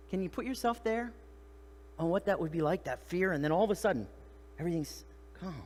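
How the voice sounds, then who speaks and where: A middle-aged man preaching to his congregation, his voice pitched high and swinging widely up and down. He keeps it conversational, firing rhetorical questions at the room and slipping into the voices of the people in his story. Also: in a large hall, a little hiss or hum. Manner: animated, acts out voices of the disciples and Jesus. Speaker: pastor. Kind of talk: sermon. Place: church sanctuary.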